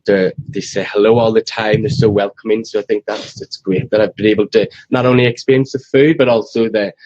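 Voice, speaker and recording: A man with a thick Irish accent and a low-pitched voice talks in a loose, rambling way, laughing easily. The sound is dry and a bit muffled. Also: steady tone, fairly quick, a little mellow, no echo. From Ireland. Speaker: restaurant staff guest. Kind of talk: casual interview.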